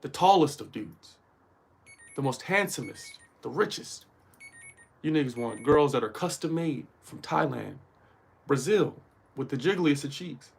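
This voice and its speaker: A man's voice: mid-range voice, lively intonation, a little slow, creaky, long pauses, slightly rough. Guy on a livestream giving a hype talk, lots of slang and cussing, keeps asking if you feel him. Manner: slangy and profane, keeps checking in with listeners. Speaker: host. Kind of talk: casual livestream motivational talk.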